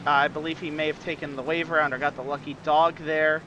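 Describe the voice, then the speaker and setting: A man's voice: fairly high pitch, flat delivery, fast, background noise. A man reporting from the pits on a sim racing broadcast, giving a methodical strategy rundown. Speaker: pit reporter. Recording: dull, lo-fi mic.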